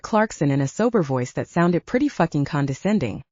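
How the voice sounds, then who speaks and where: A woman narrating a scripted audiobook with expressive storytelling, in a slightly muffled lo-fi recording. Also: low voice, a little fast, hardly any pauses, no room sound.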